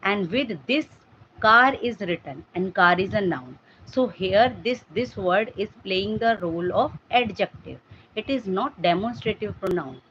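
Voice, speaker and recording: A woman's voice: mid-range voice, lively intonation, unhurried, fairly bright tone, lo-fi sound, slight background noise. A woman teaching English grammar in a live class, explaining patiently and often asking whether her students have understood. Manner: explanatory, checks understanding with "Got the point?".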